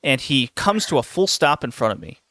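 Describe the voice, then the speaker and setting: A man hosting a podcast, telling a story in a casual, animated way with lots of laughs and restarts. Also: mid-range voice, a little fast, no room sound, studio quality. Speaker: podcast host.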